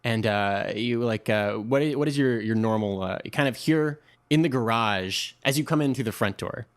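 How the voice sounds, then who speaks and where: A man's voice: mid-range voice, moderate pace. A man narrating a tabletop game as game master, rambling and full of fillers.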